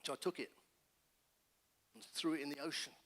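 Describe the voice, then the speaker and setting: A middle-aged man from England, a pastor telling his personal testimony in an animated storytelling manner, with frequent restarts. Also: on the high side, moderate pace. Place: church hall. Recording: reverberant church hall.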